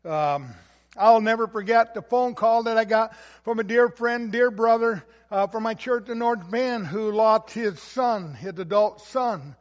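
A male pastor preaching a sermon in an earnest way, with fillers and restarts and a loudness that rises and falls. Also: high voice, a little slow. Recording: long echo of a large hall.

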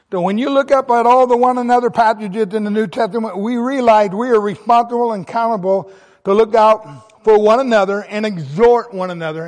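A man's voice: high voice, long reverb tail. A man preaching a sermon, reading scripture aloud and stressing key words with emphasis. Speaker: pastor.

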